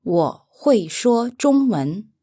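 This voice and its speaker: Female pronunciation model, very slow and deliberate, lively tones, dry close mic. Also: medium pitch, no echo. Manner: careful, deliberate enunciation, each phrase said twice. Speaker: native-speaker model for pronunciation. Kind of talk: slow repeated pronunciation examples.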